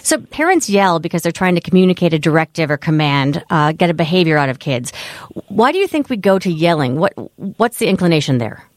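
A woman's voice: on the low side, sing-song, brisk, hardly any pauses, no room sound, studio quality. A woman cohosting a parenting podcast, chatting and steering the conversation with questions. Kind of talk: casual chat.

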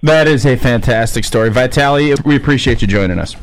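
A man's voice: medium pitch, brisk, slight background noise, low-quality recording. A man hosting a sports podcast, joking casually with a guest. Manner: joking, relaxed interviewer. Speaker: podcast host. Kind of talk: casual sports radio chat.

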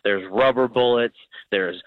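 Young male caller, tinny phone-line sound, dry, hesitant and halting. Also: mid-range voice, dry recording. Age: young adult. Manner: halting, searching for words. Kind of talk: call-in radio chat.

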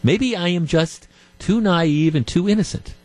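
A man's voice: sits high, a little slow, a little mellow. A man hosting a talk radio show, talking through his opinions in a conversational way, with frequent restarts and repeated words. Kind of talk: talk radio commentary with callers. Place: radio studio.

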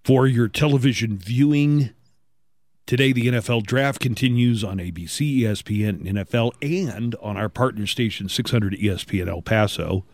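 A man's voice: lowish voice, dry recording, studio quality. A middle-aged man hosting a morning radio show, trading casual jokes and reading news and listings. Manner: wisecracking, conversational, reads listings briskly.

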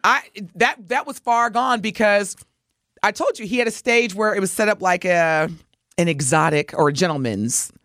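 A woman co-hosting a morning radio show, telling a story in lively chat and acting out the voices of the people in it. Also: medium pitch, normal speed, no echo, clean studio sound. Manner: animated, acts out voices while telling a story. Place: radio studio.

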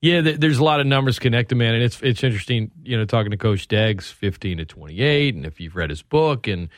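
A man's voice: medium pitch, expressive, a little fast, no echo, clean studio sound. A man co-hosting a sports talk radio show, chatting casually and setting up topics.

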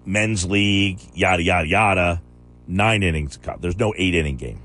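A low-pitched, slightly bright male voice hosts a sports radio show, chatting loosely while arguing and promptly challenging his co-host's claims.

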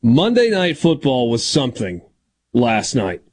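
A man hosting a casual sports radio show, easygoing and smooth on the sponsor reads. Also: medium pitch, huge pitch swings, a little slow, a little mellow.

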